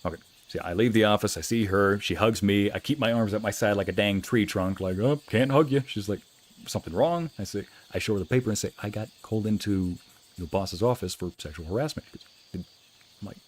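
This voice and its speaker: A streamer narrates a story while playing, talking quickly in a lowish voice. Quotes get acted out loudly and with energy, and soft music plays behind him.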